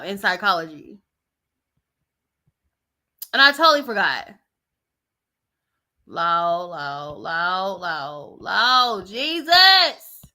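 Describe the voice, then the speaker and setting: A woman's voice: medium pitch, sharp tone. A young woman hosting her own show, telling a personal story in a loose, slangy, chatty way. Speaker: host. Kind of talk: casual chat.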